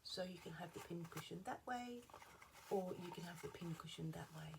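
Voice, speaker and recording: A middle-aged woman chatting casually at her craft table at home, rambling and drifting into soft asides, a little unwell. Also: fairly low pitch, normal speed, creaky, noisy background. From Australia. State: slightly unwell. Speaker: craft vlogger. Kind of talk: casual show-and-tell chat.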